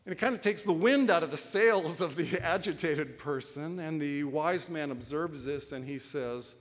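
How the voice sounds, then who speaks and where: A man preaching a sermon, explaining proverbs through a story, told deliberately with acted quotes. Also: a little high, long reverb tail. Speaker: pastor.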